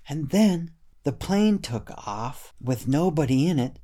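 A man narrating a children's story in a gentle, unhurried way. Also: on the high side, lively intonation.

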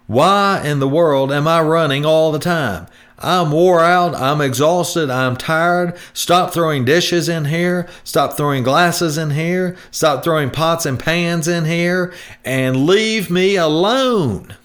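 A fed-up talking kitchen dishwasher, a male machine pushed past its limit, whining in a raised, stretched-out drawl, as a man puts him on. He pleads and complains in slow, dragged-out phrases. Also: a little high, a bit bright, voice pushed up. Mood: exasperated. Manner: whiny, pleading, drawn-out.

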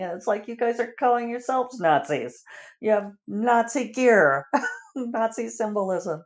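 A woman's voice: medium pitch, lively intonation, unhurried. A woman writer chatting casually through her weekly video update, rambling with lots of fillers and little laughs. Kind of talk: casual chat.

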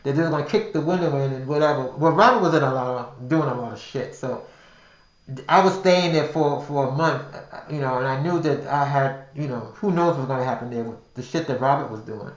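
A man's voice: medium pitch, a little fast. An older man telling a personal story casually, rambling with restarts and repeated words. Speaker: podcast storyteller. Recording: roomy echo.

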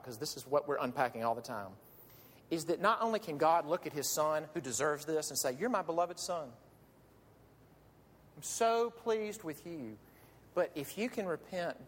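A man's voice: fairly high pitch, slight background noise. A man preaching a sermon as a pastor, earnest and pleading, asking his listeners question after question. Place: church sanctuary. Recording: long reverb of a large hall.

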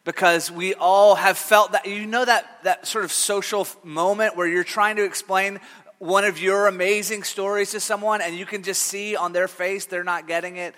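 A man's voice: high voice, fairly even intonation, normal speed, a bit bright, in a large hall. A man giving a sermon as pastor, telling stories in a loose, conversational way with many fillers and restarts. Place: church sanctuary.

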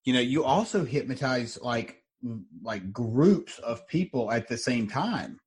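Man, interviewer, husky, halting questions, mid pitch. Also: animated. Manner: hesitant, restarts questions. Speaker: interviewer host. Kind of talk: conversational interview.

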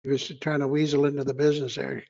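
Gravelly man reminiscing. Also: medium pitch, monotone, very fast, a little mellow. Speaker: guest in a group conversation. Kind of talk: casual reminiscing. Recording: dull lo-fi recording.

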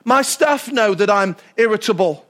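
A male pastor delivers a sermon with animated energy. He keeps asking the congregation questions. His voice sits unusually high for a man. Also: moderate pace.

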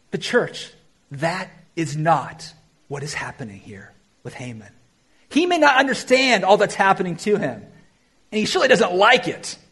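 A man preaching a sermon, addressing the church with emphatic rises and quiet, drawn-out phrases. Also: high voice, slightly rough. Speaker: pastor.

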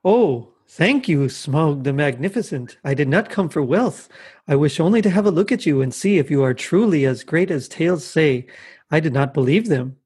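A man doing a flattering, polite hobbit burglar. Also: a little high, normal speed, breathy edge.

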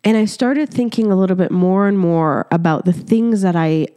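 A woman in her thirties, born in Egypt, hosting a solo podcast and telling a story in a lively, chatty way with frequent laughter. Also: medium pitch, normal speed, clear, resonant tone, dry recording, studio quality. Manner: animated storytelling, laughing often, casual swearing; talks directly to listeners as "your girl". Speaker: podcast host.

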